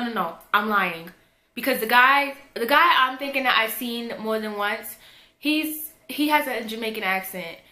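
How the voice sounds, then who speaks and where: A woman's voice: fairly high pitch, bright, forceful tone, reverberant. A young woman telling a personal story in a chatty, slangy, candid storytime vlog. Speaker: vlogger. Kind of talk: casual storytime.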